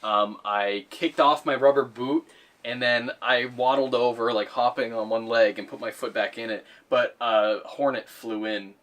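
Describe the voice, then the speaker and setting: A man's voice: mid-range voice, fairly even intonation, unhurried, fairly bright tone, far from the mic. Young man, casual podcast co-host, rambling and filler-heavy. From Canada. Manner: rambling, lots of likes and ums. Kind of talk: casual chat.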